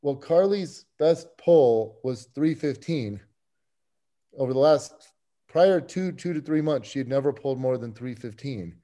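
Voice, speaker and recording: A man as a podcast guest, telling a story in an animated, excitable way with many restarts. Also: medium pitch, a little slow. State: getting emotional. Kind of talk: casual chat.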